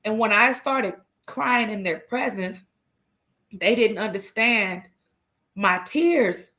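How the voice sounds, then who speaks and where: A woman's voice: mid-range voice, takes it slowly, sharp tone. A middle-aged woman hosting a livestream, telling a personal story in an earnest, emphatic and frank way. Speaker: livestream host.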